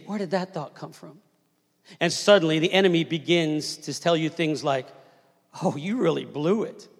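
High-voiced preacher man in a big reverberant hall. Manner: conversational storytelling preacher, asks the crowd to respond. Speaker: pastor. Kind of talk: sermon. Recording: long reverb of a large hall.

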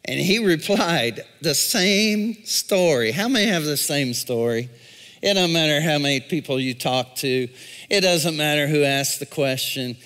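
A male pastor preaching a sermon, calling out to the congregation and swinging from shouts to a near-whisper. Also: on the high side, lively intonation, normal speed. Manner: call-and-response preaching. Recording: long reverb in a large hall.

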